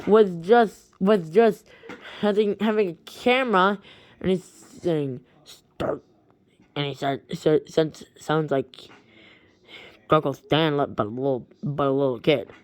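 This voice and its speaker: A woman casually retelling a strange story, halting often and restarting her sentences. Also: on the low side, dry recording. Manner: halting, with many restarts and repeated words.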